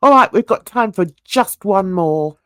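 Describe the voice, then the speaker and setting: A woman's voice: medium pitch, animated, unhurried, fairly bright tone, no echo, studio quality. A woman hosting a true crime channel, reading viewer comments aloud in a casual, self-mocking way, stumbling over words and laughing at herself.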